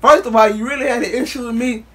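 A man's voice: extremely high pitch, fairly even intonation, quick pace, bright, forceful tone. A man vlogger telling a casual storytime in loose, profane street talk, acting out what others said.

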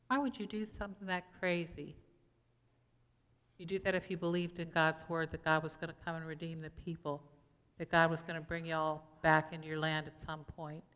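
A woman's voice: on the low side, a bit bright, clear, resonant tone. A woman pastor giving a conversational sermon, asking the congregation questions as she goes. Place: church sanctuary. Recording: long church reverb.

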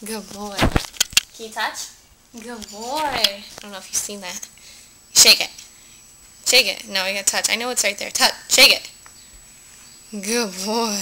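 Woman, pet owner, home video, slow coaxing commands, noisy recording. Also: mid-range voice. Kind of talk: home video talking to pets.

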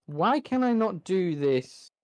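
Playing through a game, this gamer swears a lot and complains in frustration as he comments on his play. He speaks slowly in a sing-song, mid-range voice with a darkish tone.

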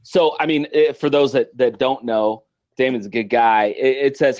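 Animated middle-aged man, dull lo-fi sound. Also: mid-range voice, moderate pace. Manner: animated, acts out little scenes. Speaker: guest. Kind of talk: motivational interview talk.

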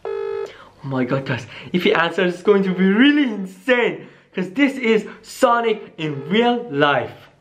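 A vlogger in a staged scary phone-call skit, excitable and talking straight to viewers, dropping into hushed tones at times. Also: medium pitch, background noise. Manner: excitable, keeps saying "guys", drops to hushed tones.

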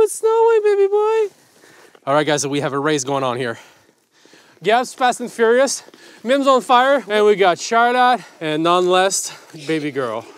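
Playful dad filming outdoors, lively pitch. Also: male voice. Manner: playful and teasing, often laughing. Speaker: father filming a family vlog. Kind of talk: casual vlog chat. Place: outdoors at a forest ice rink in snow. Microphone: handheld camera.

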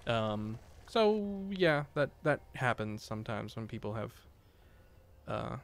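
A man's voice: medium pitch, very animated, slow, creaky. A man casually commenting on his own game playthrough, rambling, swearing and joking about his losses. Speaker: game streamer. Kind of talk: let's play commentary.

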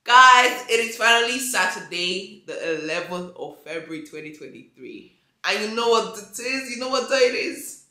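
A woman in her twenties from Nigeria, with a Nigerian accent, chatting excitedly in a home vlog and slipping into Yoruba. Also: medium pitch, moderate pace, reverberant. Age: 20s. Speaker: vlogger. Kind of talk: casual vlog chat. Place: home kitchen, indoors.

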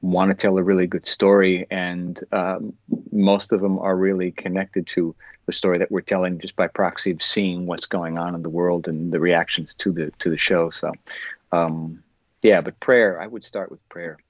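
A man, an actor guest in an interview, answering in a thoughtful, earnest way and often pausing to search for words. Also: low-pitched, flat delivery, no room sound. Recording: dull lo-fi sound.

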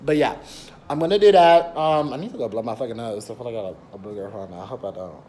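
A man's voice: medium pitch, rapid-fire, a little mellow. Chatty young man vlogging on his phone. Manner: chatty, rambling, lots of fillers like "period" and "and everything". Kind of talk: casual vlog talk to camera. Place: rented apartment indoors. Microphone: phone camera.

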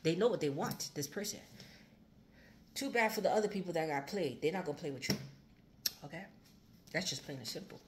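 A woman's voice: sits low, a little fast, long pauses, noisy background. A woman giving a casual tarot reading, chatty and repetitive, swearing freely. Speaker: tarot reader.

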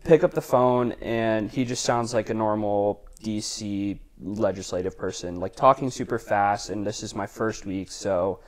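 Chatty young man with a lowish voice. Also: steady tone, unhurried, few pauses, a little mellow. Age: young adult. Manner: chatty, lots of "like" fillers. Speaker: podcast guest, congressional intern. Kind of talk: casual storytelling chat.

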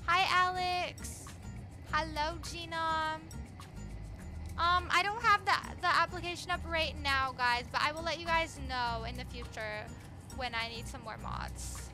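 A woman's voice: high voice, a little slow, bright, forceful tone, soft background music. A young woman live-streaming a game, chatting with her viewers in a bubbly, gushing way as she reads the chat. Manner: bubbly, chatty, says bestie and slay. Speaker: livestreamer.

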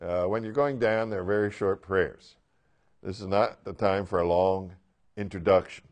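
An animated man leads a Bible class and talks through the reading in a casual, conversational way. He keeps asking his listeners questions and acts out the quoted lines as he goes. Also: low voice, moderate pace. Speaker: Bible teacher.

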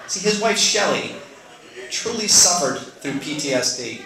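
A middle-aged man tells a personal story to a live room, earnest and conversational, slipping in wry asides about himself. His voice sits a little high for a man, and the sound bounces around an echoey venue. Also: expressive, unhurried, vocal fry, sharp tone.

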